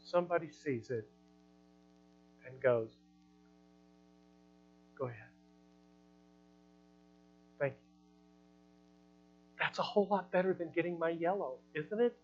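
Man preaching in a casual, lively way. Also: a little high, moderate pace, highs cut off. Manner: conversational preaching with quoted asides and laughs. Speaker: pastor. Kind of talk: sermon. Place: church hall.

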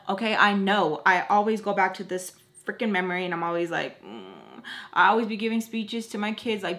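A woman's voice: mid-range voice, a little fast. Young adult woman, vlogger, chatty storytime delivery, mid-range voice, jumps into quoted voices. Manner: animated, acts out quotes with voices, slangy. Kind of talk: storytime while doing makeup.

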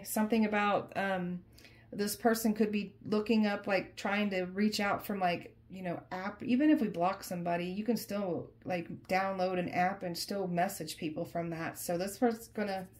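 During a casual tarot session for viewers, this woman talks in a conversational, emphatic way and often repeats what she says. Her medium-pitched voice is steady in tone and moves at a moderate pace.

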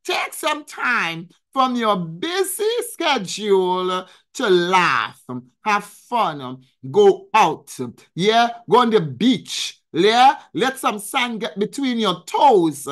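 Slow, emphatic woman coach preaching. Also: medium pitch, big pitch swings. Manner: emphatic and preacherly, repeating phrases and calling out to viewers; reads viewer comments and answers the chat. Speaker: financial coach hosting a weekly live. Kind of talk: motivational live-stream talk.

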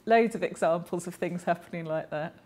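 A woman's voice: lowish voice, fairly quick, darkish tone. A woman, voicing a deaf speaker's personal stories aloud in a chatty, anecdotal way, with small self-corrections along the way.

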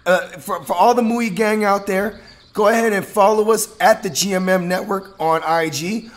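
A man's voice: high voice, moderate pace. A man from San Jose co-hosting a podcast, chatting loosely and jokingly, peppering his talk with "you know what I mean". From east side San Jose, US. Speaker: podcast co-host. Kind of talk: casual podcast banter.

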